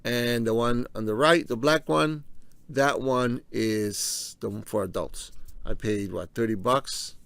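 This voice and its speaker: A man's voice: medium pitch, takes it slowly, creaky, fairly bright tone, clear, resonant tone, no room sound. A man giving a casual explainer talk, speaking conversationally, repeating his key points and talking viewers through slides. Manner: walks through on-screen slides. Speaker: presenter of a health video.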